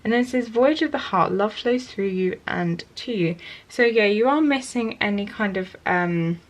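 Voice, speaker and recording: A woman giving a casual tarot reading to camera, chatty and gently encouraging, with many fillers and restarts. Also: mid-range voice, lively intonation, moderate pace. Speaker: tarot reader.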